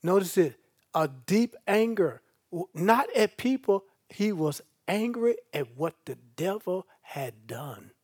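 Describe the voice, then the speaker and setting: A man's voice: sits high, sing-song, slow, a little mellow, slightly rough, dry recording, studio quality. Preacher man, reads the bible passage and keeps stopping to talk to the church, takes his time. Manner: reading scripture aloud with spoken asides to the congregation. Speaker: pastor. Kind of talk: sermon.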